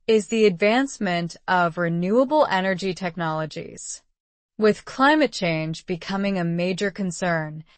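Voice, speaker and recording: A woman reading out model exam answers in an even, polished, measured way. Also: medium pitch, no echo. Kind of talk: scripted reading of sample answers.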